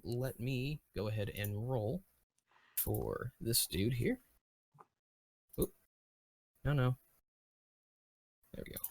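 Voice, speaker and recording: Slow, dry-voiced male game master. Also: medium pitch, a bit bright, dry recording. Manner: unhurried and searching, with many fillers and restarts. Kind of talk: running a tabletop game over voice chat.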